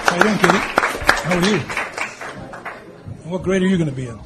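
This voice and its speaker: A man in his fifties or sixties, a mayor teasing children at a public meeting with quick jokes and frequent laughs. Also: high voice. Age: born 1964, 50s or 60s. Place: meeting hall with an audience. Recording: crowd noise behind. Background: crowd.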